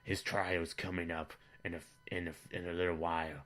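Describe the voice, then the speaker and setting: Deep, bright-edged deadpan comic man. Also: brisk. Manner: rambling, matter-of-fact deadpan storytelling. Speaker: comedy vlogger in character as a father.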